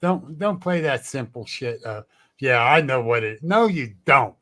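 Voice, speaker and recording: A man's voice: mid-range voice, expressive, unhurried, fairly bright tone. Blunt, salty man telling stories. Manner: blunt and salty, laughs often. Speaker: guest, cryptid researcher. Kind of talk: casual storytelling chat.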